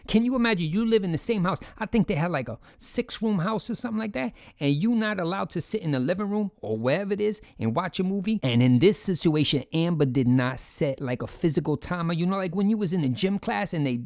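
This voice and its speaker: Emphatic male commentator, keeps calling out to his viewers; slightly high, dry close sound. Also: darkish tone, no echo. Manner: emphatic, repetitive, talks to the audience as "folks". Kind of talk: casual reaction commentary.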